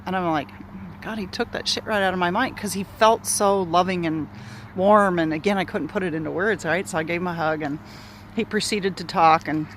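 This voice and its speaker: A woman's voice: fairly low pitch, brisk, a little hiss or hum. A woman outdoors telling a personal story in a candid, rambling way, swearing freely and circling back on herself. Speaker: speaker sharing a personal story. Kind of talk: casual spoken storytelling. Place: outdoors near bushes in an urban area.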